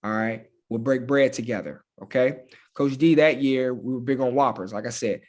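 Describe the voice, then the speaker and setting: A man's voice: medium pitch, moderate pace. A man from Hampton, Virginia, a football coach, telling a story casually with frequent fillers. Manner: animated, laughing, with lots of fillers like "man" and "you know". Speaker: high school football coach, guest.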